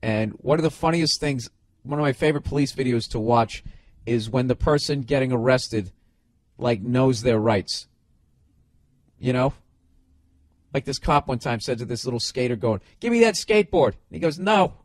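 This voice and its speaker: A middle-aged podcast host with a mid-range voice speaks at normal speed, leaving long pauses, in a recording with no room sound. He tells stories and rants loosely and animatedly, swearing a great deal and often restarting.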